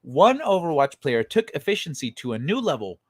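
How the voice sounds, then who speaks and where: A man's voice: a little high, sing-song, normal speed, no room sound, clean studio sound. Laughing, foul-mouthed streamer man. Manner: laughs often and swears freely; rambling, with frequent fillers and tangents. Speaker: livestream host. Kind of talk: casual live-stream chat, reading chat comments aloud.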